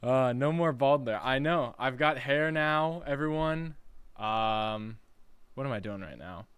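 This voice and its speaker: Young male streamer, dorm-room chat, smooth clear voice, dry close sound. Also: mid-range voice, measured pace, a bit bright, no echo. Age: young adult. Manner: chatty and scattered, laughing and reading chat aloud. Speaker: livestreamer. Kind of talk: casual live-stream chat. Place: his college dorm room.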